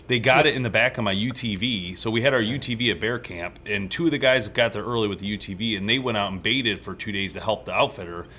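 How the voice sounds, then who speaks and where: Lively, bright-toned man hosting a chat. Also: on the low side, fast, hardly any pauses, a little hiss or hum. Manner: animated storyteller, laughs often. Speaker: host. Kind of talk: casual live-stream chat.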